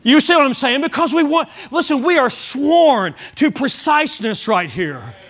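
A man's voice: extremely high pitch, very animated, moderate pace, fairly bright tone. A man preaching a sermon at a church service, emphatic and repeating key phrases for weight.

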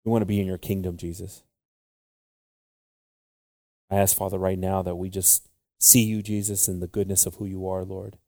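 A pastor speaks at normal speed in a low, dark voice with flat delivery and frequent pauses, preaching and praying in English and Spanish. He pleads, invoking "Lord" and "Jesus" again and again, and the studio-quality audio has no echo.

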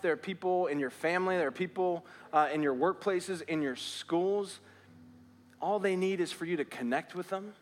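A man preaching a sermon as pastor, telling a story and repeating phrases as he urges his listeners on. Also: fairly high pitch. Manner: storytelling, repeats phrases, rises to earnest urging. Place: church sanctuary.

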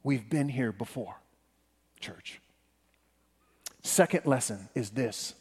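A man preaching a sermon as pastor. He addresses the congregation directly, swinging between hushed passages and emphatic ones. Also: medium pitch, slow pace, breathy edge, long reverb tail.

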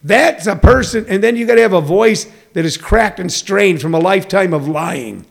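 A man's voice: sits high, expressive, moderate pace, gravelly. A man hosting a show, ranting bluntly and mockingly for laughs. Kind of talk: comedic rant.

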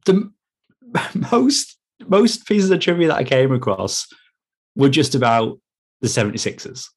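A man's voice: medium pitch, very animated, measured pace, a little mellow, husky. A man, co-hosting a casual film review podcast, chatty and laughing between phrases. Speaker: podcast co-host.

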